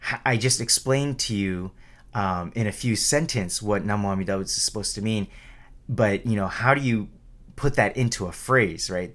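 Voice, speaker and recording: Low-voiced man giving a casual dharma talk. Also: fairly bright tone. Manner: conversational, keeps asking "right?", restarts and repeats words; acts out quoted calls with a raised voice.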